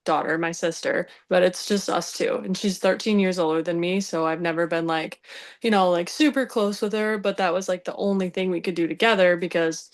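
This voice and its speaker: A woman's voice: fairly low pitch, brisk. A woman on a podcast telling a story in a casual way, laughing often and acting out the dialogue. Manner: lively, laughing, acts out dialogue. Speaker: podcast team member.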